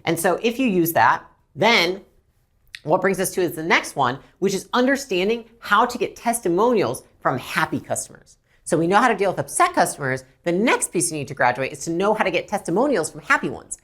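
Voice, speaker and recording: A woman teaching a business training lesson as a coach, blunt and animated, swearing freely. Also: on the low side, a little fast.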